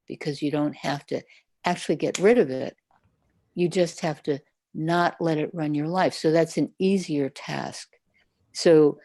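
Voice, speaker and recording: A woman teaching Zen over a livestream, her voice sitting on the low side for a woman. She talks in an easy, conversational way and slips into acted-out inner voices to make a point. The sound is dry and close, with no room around it. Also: dark tone, no room sound. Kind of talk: answering questions in a livestream talk. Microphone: livestream setup.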